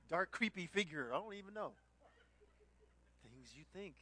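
A middle-aged man preaching a sermon, telling stories with lively put-on voices and bursts of laughter. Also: high-pitched, moderate pace, pauses often. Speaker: pastor.

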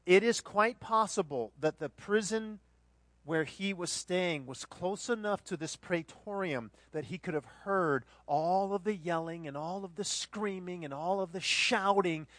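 A man preaching a sermon, moving between hushed reflection and loud, dramatic retelling of the scene. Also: high-pitched, unhurried, dry recording. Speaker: pastor.

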